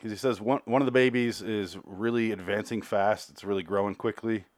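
A man's voice: lowish voice, steady tone, brisk, no echo. A man hosting a solo review podcast, recapping an episode in a rambling, profane, chatty way. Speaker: podcast host reviewing a TV series.

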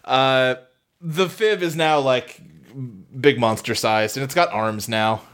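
A man's voice: mid-range voice, takes it slowly, fairly bright tone, clean tone. A man co-hosting a casual comedy podcast, recounting a cartoon's plot with jokes and frequent laughs. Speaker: podcast co-host. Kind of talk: casual comedic recap chat.

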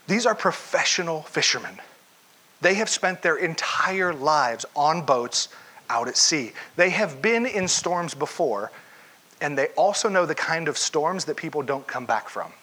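Guy pastor giving a sermon, bright edgy voice, keeps asking the crowd stuff, really into the story. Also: fairly high pitch. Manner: animated storyteller, questions the congregation directly.

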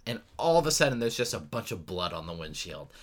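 A man with a very low, forceful voice talks loosely through a film's plot, stumbling over fillers and restarts and dropping the odd swear. He turns animated and louder as the story heats up, a casual podcast co-host. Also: quick pace. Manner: animated retelling with sudden loud bursts. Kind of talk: casual chat recapping a movie.

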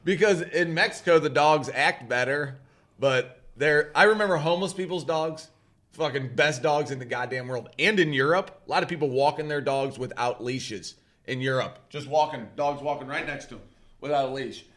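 A man's voice: a little high, moderate pace, fairly bright tone. A man co-hosting a casual podcast who speaks bluntly, swears freely and laughs often. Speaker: podcast co-host. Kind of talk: casual chat.

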